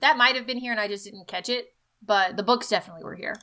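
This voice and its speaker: A woman's voice: mid-range voice, fast, pushed and bright. An American woman co-hosting a casual podcast, teasing and blunt in a playful way. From United States. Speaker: podcast co-host. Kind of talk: casual chat.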